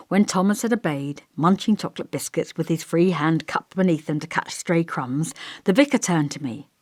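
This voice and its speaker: Female audiobook narrator, low voice, measured and expressive, dry booth sound. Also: no echo.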